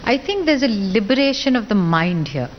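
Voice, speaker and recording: A woman panelist speaks haltingly and reflectively, searching for her words. The audio is dull and carries a long hall reverb, with faint noise behind her. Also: medium pitch, big pitch swings. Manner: halting, reflective, many fillers. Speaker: panelist, arts figure.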